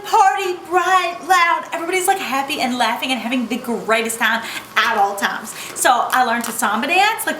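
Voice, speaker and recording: A woman's voice: high-pitched, a bit bright. A young American woman vlogging casually, gushing and bubbly, full of "like" and "oh my gosh". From United States. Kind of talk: casual travel storytime vlog. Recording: echoey room with faint background noise.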